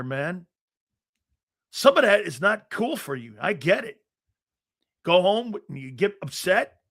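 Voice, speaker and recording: Man, sports radio host, combative rant, swears freely, high voice, bright forceful tone.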